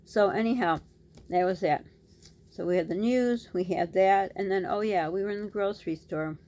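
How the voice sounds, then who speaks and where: A woman's voice: medium pitch, moderate pace. A middle-aged woman and mother vlogging, telling a story in a casual, scattered way and talking with her hands. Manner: scattered, talks with her hands, animated retelling. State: dry lips.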